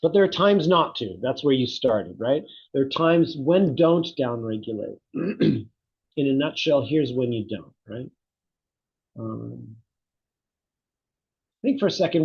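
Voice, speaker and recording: His mid-range voice carries a breathy edge, and the recording has its highs cut off. This middle-aged man, a psychotherapy researcher, is giving a conversational interview, speaking reflectively and recounting stories with animation.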